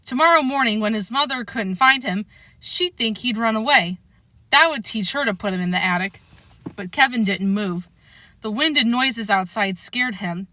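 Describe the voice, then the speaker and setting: A woman narrates a story in a bright, fairly high voice and reads it with lively expression. The recording is dry and close-miked, with no echo around her. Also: moderate pace. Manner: expressive read-aloud, acting out the characters' lines. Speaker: storybook reader.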